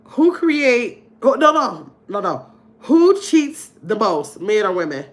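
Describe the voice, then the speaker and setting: A woman's voice: medium pitch, very animated, slow pace. Middle-aged woman, livestream host, chatty, laughs often, casual talk to viewers. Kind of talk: casual live-stream chat reading viewer comments.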